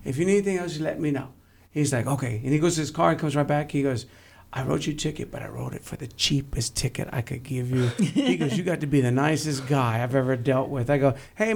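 Gravelly man telling stories. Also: a little high, fast talker, a little mellow. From San Antonio, Texas. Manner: blunt, joking, storytelling. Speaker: guest. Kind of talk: casual interview chat.

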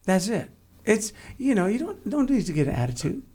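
A man's voice: high-pitched, very animated, a little fast, warm tone, slightly rough. A man from Texas, a guest telling blunt, joking stories in a casual interview. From San Antonio, Texas.

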